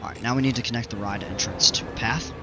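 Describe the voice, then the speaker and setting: A man giving casual commentary while playing a building game, thinking aloud with fillers, his voice a little hoarse. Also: fairly low pitch, fast talker, background noise. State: slightly hoarse, regaining voice. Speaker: gaming video creator.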